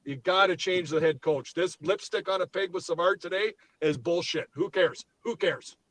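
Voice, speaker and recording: A man's voice: sits high, moderate pace, a bit bright, poor audio. A man co-hosting a sports podcast, ranting heatedly and swearing as he gets worked up. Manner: fired up, swears freely, ranting. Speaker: podcast co-host.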